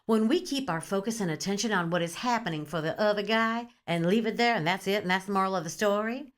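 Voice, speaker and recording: A woman's voice: medium pitch, quick pace. A woman hosting a podcast, giving a comedic spiritual monologue in a playful, sassy way, swearing freely and using pet names. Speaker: podcast host.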